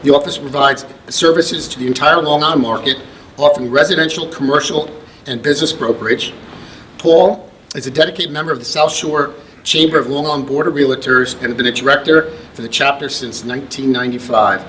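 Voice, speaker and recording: A middle-aged man from the United States, presenting an award, tells a long anecdote in a function room with frequent restarts and fillers in a rambling way. His medium-pitched voice is steady, fairly quick, and a bit bright, while the poor audio adds a little hiss or hum.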